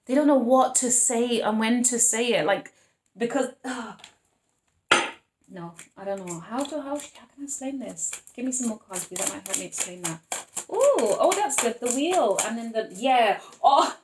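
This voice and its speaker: A woman's voice: fairly high pitch, lively intonation, normal speed, heavy background noise. A woman giving a casual tarot reading, chatting freely, laughing often and acting out the voices of the people she describes. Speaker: tarot reader.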